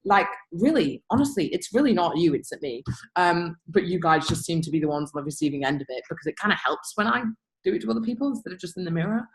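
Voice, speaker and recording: Girl hyping her team on a video call, blunt, sweary, gets loud and laughs a lot. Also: on the low side, lively intonation, fast talker, low-quality recording. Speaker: team leader. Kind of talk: motivational rant to a team.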